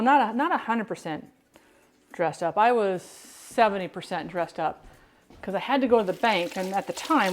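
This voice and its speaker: A woman's voice: mid-range voice, a little hiss or hum. Chatty woman rambling while cooking. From United States. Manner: chatty, rambling, self-interrupting. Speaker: home cook and streamer. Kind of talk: casual cooking chat.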